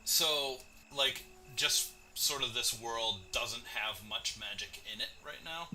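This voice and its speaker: A man's voice: mid-range voice, slow, bright, forceful tone, a little hiss or hum, low-quality recording. A man as game master, chatting casually and rambling with many fillers while setting up a tabletop game.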